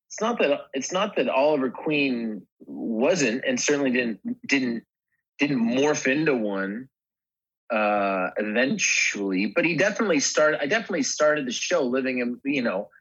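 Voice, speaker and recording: Man, husky voice, guest actor, casual podcast chat, hesitant restarts, muffled sound. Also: medium pitch, fairly bright tone. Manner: hesitant, restarts phrases often. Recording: slightly muffled, dull sound.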